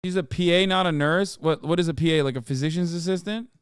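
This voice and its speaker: A man's voice: fairly high pitch, fast talker, clean tone, no room sound, clean studio sound. A man streaming live, reacting to a clip in casual, blunt commentary full of swearing and disbelief. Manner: blunt, heavy swearing, incredulous.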